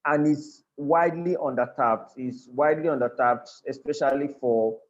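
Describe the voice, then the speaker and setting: A Nigerian-accented man teaches a live online class over a video call, his mid-range voice moving at a normal speed with the highs cut off. He talks earnestly, frequently repeating and restarting phrases, and checks in with his listeners.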